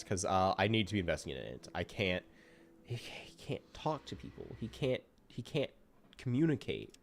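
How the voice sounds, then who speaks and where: A man streaming live gameplay commentary, excitable and self-mocking, exasperated at his own character. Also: on the low side.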